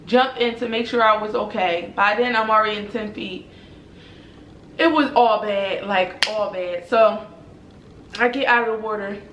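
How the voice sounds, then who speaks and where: A young woman vlogger telling a personal story to viewers in a casual, animated way, full of swearing and "y'all". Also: on the high side, noisy background. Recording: roomy echoey room.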